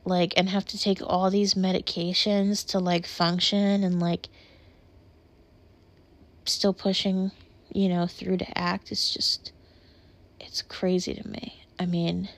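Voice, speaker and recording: A woman's voice: on the low side, level tone, slow pace. A young woman chatting casually to her camera, rambling with many filler words and near tears. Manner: rambling, lots of filler likes; emotional, on the verge of tears. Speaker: vlogger.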